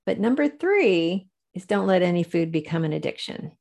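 A woman with a fairly low voice shares her testimony as an interview guest. She tells it with animation, laughs often and slips into the voices of the people she quotes. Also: big pitch swings, moderate pace, gravelly, darkish tone. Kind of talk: faith-based interview storytelling.

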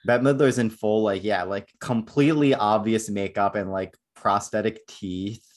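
A man's voice: fairly low pitch, fairly even intonation, normal speed. A man hosting a podcast, talking casually about a film and rambling with many filler words. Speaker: podcast host. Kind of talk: casual chat.

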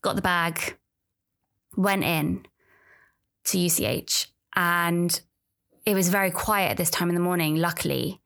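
A woman's voice: fairly low pitch, steady tone, measured pace, vocal fry, long pauses, a bit bright. A woman, chatting casually and candidly on her own, often trailing off and restarting. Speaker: podcast host. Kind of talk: casual solo chat about pregnancy and birth.

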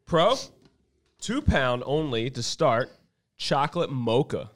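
A man with a mid-pitched voice reads off upcoming launch dates in an easygoing manner. He banters with his co-host in a casual, unscripted way. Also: lively intonation, slow. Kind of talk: casual product-launch chat.

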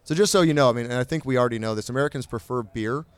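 A man's voice: medium pitch, very fast, no echo. Male podcast host, clean resonant voice, dry studio, chatty numbers reader. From California. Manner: reads stats with fillers and laughs. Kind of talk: casual chat.

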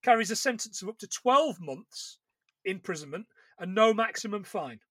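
A man with a high, bright voice tells stories in loose, rambling podcast chat. He often breaks off and restarts his sentences. The sound is dry and close, with no room around it. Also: expressive, moderate pace, dry recording. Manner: chatty storyteller, rambling with restarts and laughs. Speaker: podcast co-host. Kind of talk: casual chat about films.

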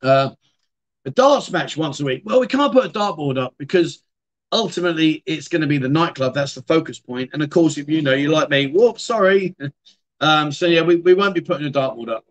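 A little high, expressive, and brisk, the voice belongs to a middle-aged British man running a casual livestream from his home streaming room. He reads comments and chats loosely, often leaving sentences unfinished and beginning again.

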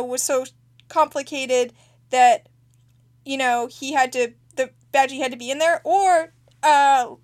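A woman casually recapping a TV episode as a podcast co-host, animated and acting out lines, with casual swearing. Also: high voice.

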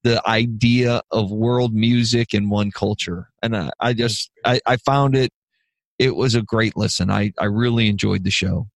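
A man's voice: fairly low pitch, steady tone, moderate pace, creaky, no room sound, studio quality. A man co-hosting a podcast who gives enthusiastic feedback and laughs easily as he talks. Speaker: podcast co-host giving feedback. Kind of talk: casual chat.

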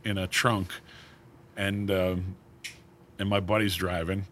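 A man with a low but bright, forceful voice tells relaxed stories as an interview guest. He slips into the voices of the people he quotes. A faint hum of ambient noise sits behind him. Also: takes it slowly. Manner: animated storyteller acting out quoted voices. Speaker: cigar brand founder, guest. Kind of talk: casual storytelling interview.

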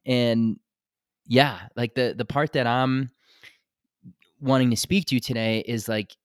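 A man's voice: medium pitch, steady tone, slow, dry recording, studio quality. A man hosting a podcast in casual conversation, talking candidly and animatedly and swearing freely. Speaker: podcast host.

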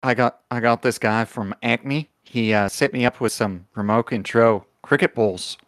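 A scheming grifter father, played by a man, drawls through his pitch in a put-on Australian accent, halting on "uh" as he lays out his plans. His voice sits at a middling pitch. The sound is dry and close to the mic. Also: fairly bright tone, no echo, close to an everyday voice. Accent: attempted Australian.

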